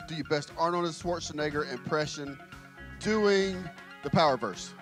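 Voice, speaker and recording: A man leading a children's church session in a large indoor room, calling out to the kids loudly and with energy on a handheld microphone. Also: on the high side, unhurried, over music. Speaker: children's ministry leader.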